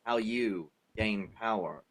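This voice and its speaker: A man's voice: on the low side, slow pace, fairly bright tone, poor audio. A man in an in-character roleplay debate, confrontational and sarcastic.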